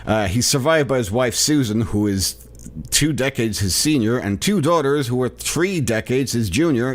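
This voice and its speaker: A man's voice: mid-range voice, lively intonation, moderate pace. A tired man hosting a solo comedy podcast, riffing sarcastically on a news article and laughing at his own jokes. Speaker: podcast host.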